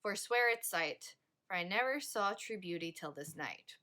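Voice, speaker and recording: A woman reading the lines of a smitten young man in a soft, slow, wondering way. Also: medium pitch, lively intonation. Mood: awed.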